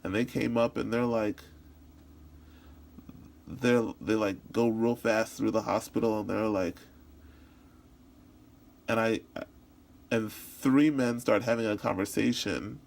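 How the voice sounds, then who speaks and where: As interpreting practice, a man voices a signed story into spoken English, narrating it in the first person. His low, gravelly voice has vocal fry and fairly even intonation, and his delivery halts with frequent restarts and repeated words.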